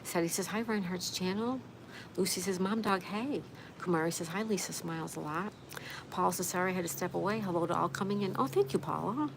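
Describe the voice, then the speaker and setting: A woman's voice: on the low side, fairly even intonation, fairly quick, creaky, background noise. A middle-aged woman hosting a casual livestream, reading out viewer comments in a chatty, friendly way. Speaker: livestream host.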